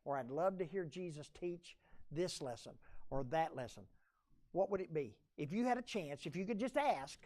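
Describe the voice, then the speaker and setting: A man's voice: on the high side, lively intonation, normal speed, a little mellow. A male pastor, preaching a conversational sermon and drawing his congregation in with questions. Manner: folksy, conversational preaching with audience call-and-response.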